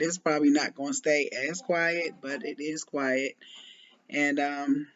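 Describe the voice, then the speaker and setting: A woman in her forties, a former preschool teacher, chatting casually to camera with a loose, laughing manner and many ums and restarts. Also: low-pitched. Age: 40s. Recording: muffled lo-fi audio.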